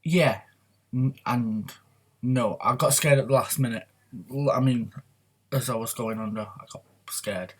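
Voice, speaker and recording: A man's voice: medium pitch, measured pace, breathy edge. A man talking openly in a rambling, confessional way on his personal vlog. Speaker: vlogger. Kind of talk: candid personal vlog talk.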